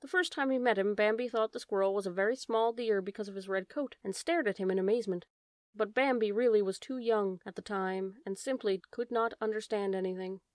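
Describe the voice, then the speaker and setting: A woman narrating a storybook in a calm, measured way. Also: mid-range voice, dry recording. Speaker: audiobook narrator. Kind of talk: storybook reading.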